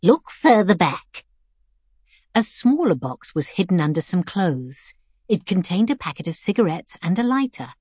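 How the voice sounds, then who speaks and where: A woman narrating a first-person story in a measured, reflective way. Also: on the low side, big pitch swings, warm tone, slightly rough, no room sound, studio quality.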